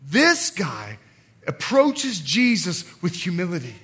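Animated high-voiced male pastor preaching. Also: takes it slowly, breathy edge. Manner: animated, playful, acts out quotes. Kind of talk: sermon. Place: church service.

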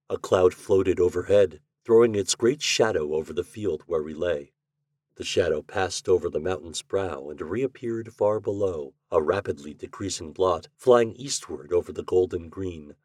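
Male podcast narrator, measured storytelling, low voice, dry sound. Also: a little mellow, no echo. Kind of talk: reading a classic short story aloud.

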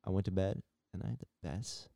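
A man's voice: low-pitched, fairly quick, gravelly, dark tone, a little hiss or hum. A young man co-hosting a casual podcast, laid-back and saying "bro" and "dude" a lot. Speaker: podcast co-host. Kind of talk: casual chat.

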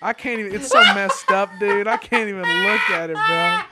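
A man's voice: high-pitched, moderate pace, heavy background noise, lightly acted. A man improvising a dazed young male reporter who drawls and keeps saying dude. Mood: stunned. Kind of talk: improv comedy.

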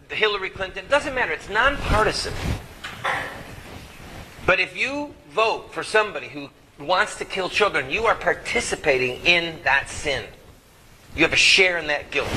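Man with a fairly high voice, fervent activist speaker, hammering a crowd with rhetorical questions; noisy live recording. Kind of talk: impassioned speech to a live audience.

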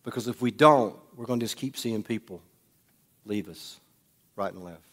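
A man's voice: fairly low pitch, normal speed. Preaching man in a reverberant church. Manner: dynamic preaching, swings from loud to hushed. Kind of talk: sermon. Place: church sanctuary. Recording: long hall reverb.

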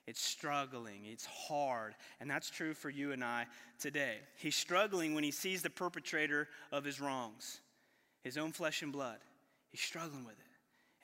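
Bright, high-voiced man preaching in a hall. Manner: casual, energetic preaching with slang and quick restarts. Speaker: pastor. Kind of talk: sermon. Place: church hall. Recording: long hall reverb.

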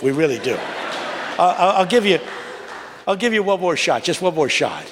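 A man in his eighties preaching a sermon to a congregation, with a rhythmic cadence that climbs to high, emphatic peaks. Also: sing-song, moderate pace, fairly bright tone. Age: 80s. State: unwell. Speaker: guest preacher. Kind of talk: sermon with storytelling. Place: large church. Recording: long reverb of a large church.

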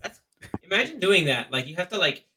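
A man co-hosting a podcast, his voice bright and sitting a little high for a man. He talks in a chatty, lively way and drives the conversation forward. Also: brisk, a little hiss or hum. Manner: chatty, lively, leads the talk. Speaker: podcast co-host. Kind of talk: casual chat about film awards.

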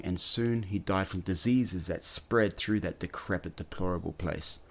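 A man hosting an educational podcast, telling a story in an earnest way with the odd filler word. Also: sits low. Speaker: podcast host.

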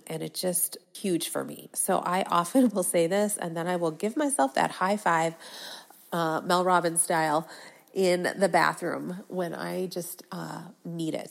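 A middle-aged woman hosting a solo podcast, speaking earnestly and sinking into a soft breathy hush as she repeats affirmations. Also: fairly low pitch. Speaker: podcast host. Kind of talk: reflective solo podcast talk.

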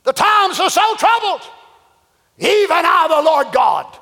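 A man mimicking a jittery prophetic voice of God, high and quavering. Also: big pitch swings, slow, bright, forceful tone, shouting, exaggerated voice. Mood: mocking. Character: mock prophetic voice of God, trembling and fretful. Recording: long church-hall reverb.

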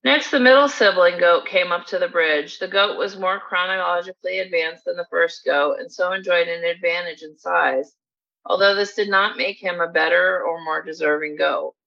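Woman storyteller, dry mock-formal read, lowish bright voice, dull lo-fi recording. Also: normal speed, vocal fry. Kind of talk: scripted storybook narration.

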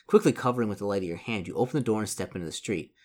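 A man reading a solo gamebook aloud, stumbling over words and breaking off into animated asides. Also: on the low side, rapid-fire. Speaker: reader playing a solo gamebook.

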